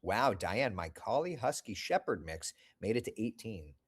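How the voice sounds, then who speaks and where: A man's voice: on the low side, big pitch swings, moderate pace, breathy edge. A middle-aged man hosting a casual livestream, reading viewer comments aloud and answering them with a chatty, self-deprecating manner, his voice still recovering after losing it. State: recovering from lost voice. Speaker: host reading live chat comments.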